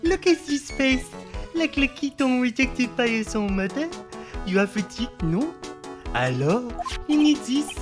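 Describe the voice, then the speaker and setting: A man's voice: extremely high pitch, big pitch swings, a little slow, music in the background, exaggerated voice. A man voicing a flamboyant, fussy male restaurant owner with a put-on French accent, dropping French words as he fusses over people. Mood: fawning. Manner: theatrical, sprinkles French words.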